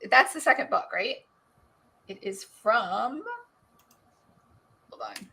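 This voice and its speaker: Bright chatty woman hosting a book club. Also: fairly high pitch, animated, vocal fry. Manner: chatty, quick, laughs often. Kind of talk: casual video chat.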